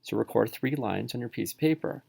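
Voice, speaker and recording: A calm male narrator, mid-range and heavily gravelly, guides listeners through spelling strategies by slowly and clearly dividing words into syllables. The recording is dry and close, with nothing of the room behind him.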